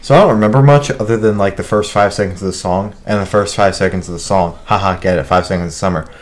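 A young man with a fairly low voice chats loosely on a podcast. He rambles, cracks jokes and swears freely, with a casual, offhand delivery. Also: quick pace. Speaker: podcast co-host.

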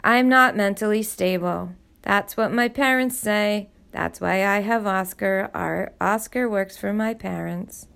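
A woman voicing a glum, bitter boy who mutters and flatly recites his lines in a storybook reading. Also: mid-range voice, measured pace, vocal fry, few pauses, clean tone. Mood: flat reciting.

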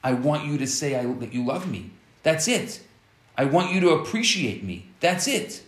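A man doing a soft-spoken hurt wife. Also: a little high, expressive, moderate pace, roomy sound. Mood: pleading. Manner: soft, pleading. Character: hurt wife wanting affection.

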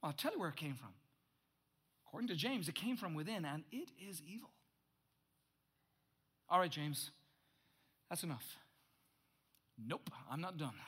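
A middle-aged male pastor preaching a sermon, swinging from loud emphatic bursts to hushed, intense asides. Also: on the high side, big pitch swings, measured pace, long pauses, breathy edge.

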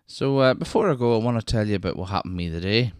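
A man's voice: fairly low pitch, lively intonation, quick pace, a little mellow, clean tone, dry recording, studio quality. A Northern Irish man hosting his own podcast, telling stories in a chatty, rambling way that doubles back on itself. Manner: rambling, chatty, self-interrupting with wee asides. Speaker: podcast host. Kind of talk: casual solo storytelling.

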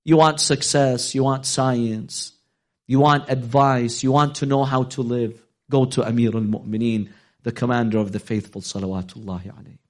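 A man preaching a sermon, telling a story with dramatic swings of pitch and loudness, sometimes slowing into a chanted, half-sung delivery. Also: fairly even intonation. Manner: storytelling, voicing quoted figures, dramatic rises in pitch.

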